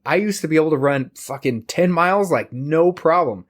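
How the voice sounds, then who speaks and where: A man's voice: fairly high pitch, animated, brisk, few pauses. A man co-hosting a podcast, talking earnestly and casually, with plenty of swearing. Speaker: podcast co-host.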